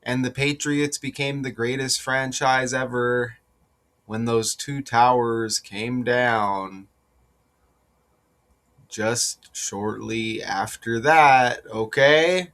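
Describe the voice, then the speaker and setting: Slow, insistent man explaining number patterns. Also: medium pitch. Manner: slow, deliberate, rising to excited insistence; repeats points with rhetorical asides. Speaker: sports numerology commentator. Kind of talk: casual solo commentary.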